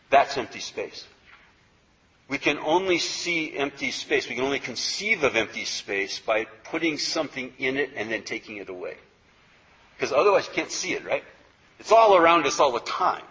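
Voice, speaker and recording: A man's voice: medium pitch, a bit bright, highs cut off. A man teaching a yoga philosophy class, conversational and repetitive, often checking in with "okay?". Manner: conversational, repeats words, asks "okay?" often. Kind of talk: spoken lecture to a class.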